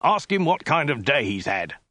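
A man's voice: on the low side, unhurried, gravelly, fairly bright tone, husky, no echo, clean studio sound, full character voice. A man voicing a brutal Mongol soldier who barks and hisses orders. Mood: harsh. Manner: barking, hissing.

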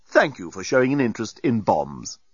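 A man's voice: lowish voice, very animated, brisk, slightly rough, no room sound. A man reading a storybook aloud, voicing a male robot announcer that speaks with overly courteous formality, recorded dry and slightly dull. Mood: politely formal. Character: polite smug robot bomb announcer, male.

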